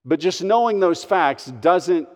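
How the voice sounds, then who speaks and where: A man delivers a sermon in a slightly high voice, unhurried and deliberate. He preaches earnestly, leaning hard on key phrases. His voice carries a long reverb, as in a large hall. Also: animated. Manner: earnest, emphatic preaching with slow stressed phrases. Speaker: pastor.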